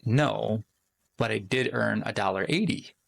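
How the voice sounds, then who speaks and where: A man voicing an anxious ten-year-old boy in a spoken story, pitched a little higher and pleading. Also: measured pace, gravelly, full character voice.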